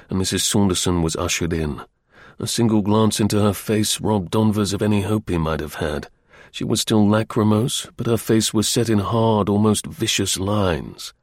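Gravelly-voiced male audiobook narrator. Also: on the low side, darkish tone, dry recording, studio quality. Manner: measured storytelling.

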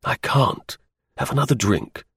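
A man's voice: mid-range voice, expressive, a little slow, gravelly, fairly bright tone, husky, no echo, studio quality, full character voice. A man reading the part of an evasive friend, hesitant and guarded.

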